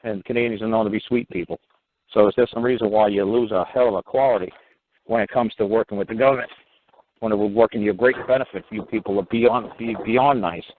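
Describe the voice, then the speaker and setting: A man's voice: fairly low pitch, quick pace, a little hiss or hum. Blunt New York man on a tinny phone line. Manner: blunt, profane, animated storytelling with mocking quotes. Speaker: talk show guest giving advice. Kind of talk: casual phone-in talk.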